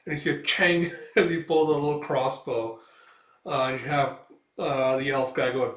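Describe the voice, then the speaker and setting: A young man talks through a comic in a loose, rambling way, full of fillers. His pitch is middling. He sits back from the mic in a roomy space. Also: fairly even intonation, normal speed, fairly bright tone, distant mic. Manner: rambling, filler-heavy, chatty. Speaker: comic read-through host. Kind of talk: casual read-through commentary.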